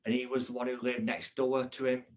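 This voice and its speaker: A man hosting a chat show who asks leading questions in an unhurried way. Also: medium pitch, monotone. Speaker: host. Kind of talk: interview questions.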